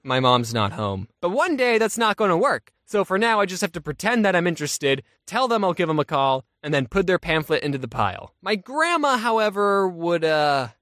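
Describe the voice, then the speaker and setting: A man's voice: high voice, animated, brisk, few pauses, a bit bright, no room sound, studio quality. A young adult man, a YouTuber, telling a comic storytime in a wry, self-mocking way. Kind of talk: animated storytime.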